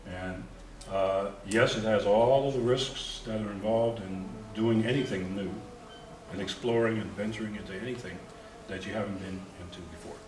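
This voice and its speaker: An older man from the United States, a guest speaker at a forum, telling lively, humorous anecdotes with chuckles and restarts. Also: fairly low pitch, moderate pace, background noise. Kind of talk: storytelling talk at a forum. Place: lecture hall. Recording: roomy, distant mic.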